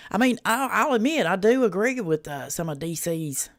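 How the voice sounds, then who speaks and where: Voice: medium pitch, animated, moderate pace. A host runs a casual reaction livestream. The talk is folksy and drawling, loose and peppered with swearing. Viewers get greeted by name between remarks.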